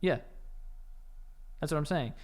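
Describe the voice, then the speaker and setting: Young new guy, a bit high-pitched, teasing banter, casual podcast chat. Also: unhurried. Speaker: podcast co-host.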